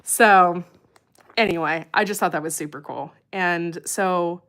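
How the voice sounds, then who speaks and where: A woman's voice: lowish voice, measured pace, fairly bright tone. A woman hosting her farm channel's livestream, chatting casually, rambling and enthusiastic, often repeating herself.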